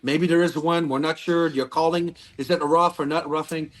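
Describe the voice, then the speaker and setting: A man's voice: fairly high pitch, little pitch movement, moderate pace. Man telling hockey stories. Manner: rambling storyteller with many restarts. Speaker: guest, former pro hockey player. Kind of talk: casual podcast interview.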